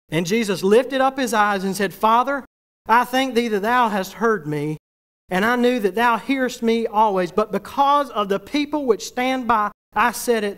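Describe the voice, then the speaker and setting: High-voiced preaching man. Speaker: pastor. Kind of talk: revival sermon. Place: church.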